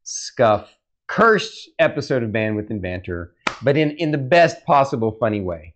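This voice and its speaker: A man's voice: mid-range voice, sing-song, normal speed, a little hiss or hum. A man hosting a casual podcast chat, rambling with many fillers and restarts. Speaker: host.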